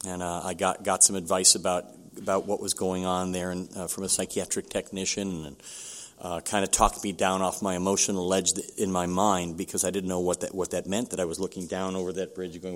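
An older man telling his own recovery story at a meeting, candid and halting, with many restarts. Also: deep voice, level tone.

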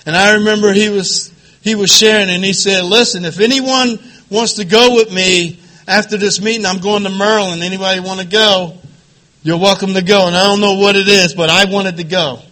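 Middle-aged man, high and tense timbre, quivering voice, emotional halting testimony at a support group. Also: steady tone, pushed and bright. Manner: emotional, halting, repeats phrases, laughs between lines. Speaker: recovery meeting speaker.

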